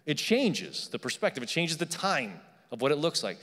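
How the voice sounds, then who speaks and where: A man's voice: fairly high pitch, sing-song, moderate pace, hardly any pauses, pushed and bright. A man preaching a sermon, teaching in a conversational and emphatic way and checking in with his listeners. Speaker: pastor. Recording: long hall reverb.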